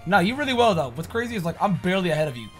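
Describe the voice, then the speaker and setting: A man bantering over a video game, excitable, goofy and teasing his co-host. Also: high-pitched, very fast, soft background music. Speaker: gaming co-host. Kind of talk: casual gameplay banter.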